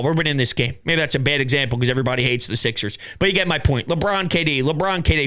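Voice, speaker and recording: Young Philly male host, high bright voice, shouty animated call-in chat. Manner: animated, shouts and acts out quotes. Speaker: show host. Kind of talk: excitable sports call-in chat.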